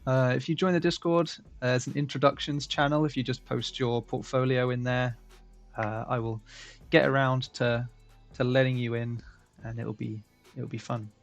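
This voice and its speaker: A man's voice: mid-range voice, little pitch movement, moderate pace, faint music behind. A man hosting a drawing stream, chatting casually and joking. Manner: chatty, joking, laughs often. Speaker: stream host.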